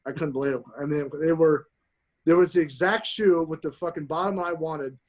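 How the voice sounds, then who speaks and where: A man guesting on a podcast, telling stories in a casual chat, swearing constantly and talking with excited emphasis. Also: fairly high pitch, fairly quick.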